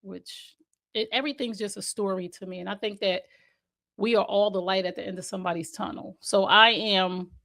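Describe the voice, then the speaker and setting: Woman, New Jersey accent, casual interview guest, animated storyteller, acts out quotes. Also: mid-range voice, brisk, vocal fry. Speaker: podcast guest, autism advocate mother.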